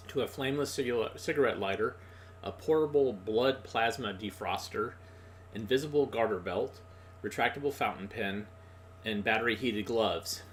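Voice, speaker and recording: A man hosting a casual film stream, chatting in a relaxed, rambling way with many fillers. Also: medium pitch, a little hiss or hum. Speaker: host. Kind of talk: casual livestream chat.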